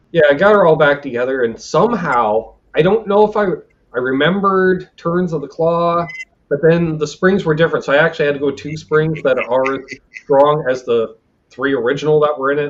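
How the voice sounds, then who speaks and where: A man's voice: a little high, normal speed. A man hosting a casual livestream chat, telling rambling, salty stories and acting out what people said, heard over a video call. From Canada. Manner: salty, rambling storyteller who acts out quotes. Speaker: livestream host. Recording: dull lo-fi stream audio.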